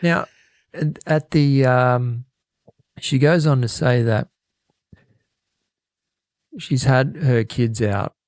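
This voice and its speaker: A man's voice: mid-range voice, drawn-out words, long pauses, a little mellow, dry recording, studio quality. A man co-hosting a podcast, casually reading out a listener's email with lots of restarts and laughter. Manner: rambling, laughing, self-correcting. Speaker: podcast co-host. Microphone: studio microphone.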